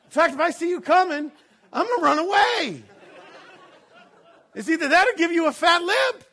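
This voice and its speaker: High-voiced animated man preaching. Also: normal speed, some chatter behind. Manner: animated preaching, swinging from loud laughing bursts to low solemn reading. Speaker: pastor. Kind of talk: sermon.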